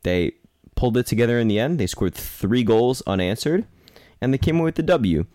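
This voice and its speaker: A man's voice: medium pitch, lively intonation, a little fast, darkish tone, dry recording, studio quality. A man co-hosting a sports podcast in casual chat, talkative and playful, often correcting himself mid-sentence. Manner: chatty, self-correcting, playful. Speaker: podcast co-host.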